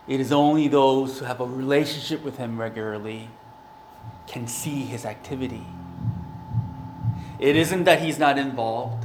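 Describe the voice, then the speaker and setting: A man's voice: mid-range voice, reverberant, slight background noise. A man preaching a sermon, earnest and conversational, with a prayer and a personal story. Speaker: pastor.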